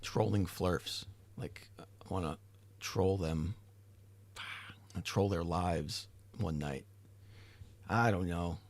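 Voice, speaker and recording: Tired, low, gravelly-voiced man. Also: slow, long pauses. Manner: rambling, tired, swears casually. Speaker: livestream host. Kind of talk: casual chat reading live chat.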